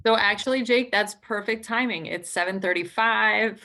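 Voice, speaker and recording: Woman hosting a zoom meetup, gravelly and bright, friendly and teasy. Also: mid-range voice. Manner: friendly, teasing, quick. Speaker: meetup host. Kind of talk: hosting a networking call. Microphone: video call.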